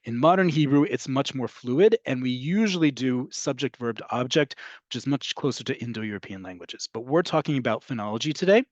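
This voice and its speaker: A man gives an online class in a dry, close sound with no room around him. He explains patiently and often stops to ask "right?" or "okay?" His voice sits at an ordinary pitch. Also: animated, a little fast, darkish tone, no echo, lo-fi sound. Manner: explanatory, frequent "right?" check-ins. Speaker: Hebrew teacher.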